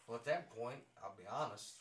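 A man with a bright, forceful voice shares casual stories as a podcast host, joking at his own expense and laughing often. He sits well back from the mic in a roomy space. A faint hiss sits under his voice. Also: medium pitch, fairly quick. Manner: jokey, self-mocking, laughs often. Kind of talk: casual storytelling. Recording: roomy sound from a distant mic with faint noise.

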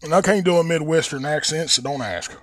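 Drawling into a close mic, a podcast host from West Virginia stretches his vowels in a Southern Appalachian accent as he rambles and swears freely in a casual, profane monologue. His voice sits a little high and runs a little fast, fairly bright and husky, with no echo.

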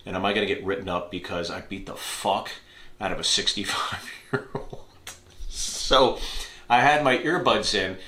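Animated man telling a story. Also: sits low, moderate pace, slight background noise. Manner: animated, acts out characters, laughs at himself. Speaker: comedian podcast host. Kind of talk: storytelling monologue. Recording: echoey room.

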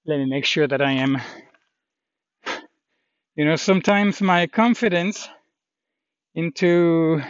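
A man walking outdoors on a hilly trail, talking in a rambling, halting way with lots of fillers as he vlogs his pilgrimage. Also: a little high, clean tone, no room sound. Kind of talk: casual walking vlog. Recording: dull lo-fi with faint noise.

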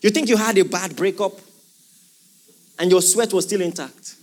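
A man's voice: sits high, normal speed, a little mellow, slight background noise. A man preaching a sermon to a congregation in a church hall, asking them rhetorical questions. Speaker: pastor.

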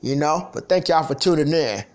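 A man hosting his own podcast, telling a profane, animated story in casual talk. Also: fast talker. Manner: profane, animated storytelling, mimics others in a higher voice. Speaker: podcast host. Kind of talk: casual ranting monologue.

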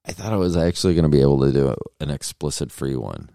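A man's voice: a bass voice, expressive, fast, gravelly, mellow, no room sound, clean studio sound. A man hosting a solo podcast, rambling through jokes and self-deprecating asides. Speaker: podcast host.

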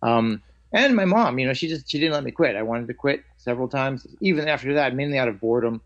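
A man who teaches martial arts, telling stories of his training in an animated way and acting out the lines of others. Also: mid-range voice, fast talker. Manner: animated, acts out quoted lines. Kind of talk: storytelling in a conversation. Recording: dull lo-fi audio.

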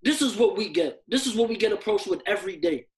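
A man's voice: high-pitched, lively intonation, fast talker, low-quality recording. A young man on a podcast, talking heatedly and emphatically, often repeating himself out of frustration. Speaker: podcast co-host.

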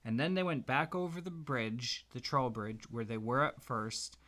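A man gently making up a bedtime story for his child, pausing as he thinks of what comes next. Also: medium pitch, expressive. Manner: gentle, unhurried, makes the tale up as he goes. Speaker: parent telling a story.

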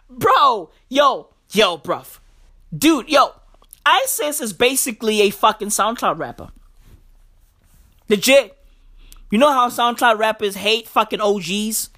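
A man ranting about the news in a profane, excitable comedic vlog, packed with slang. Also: high voice. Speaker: vlogger.

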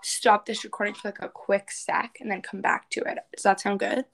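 A woman co-hosting a laid-back podcast, talking casually and then reading astrology text aloud. She sits at a middling pitch and is recorded remotely over a call. She moves easily between loose chat and reading. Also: flat delivery, a little fast, vocal fry, rough recording. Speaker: podcast co-host.

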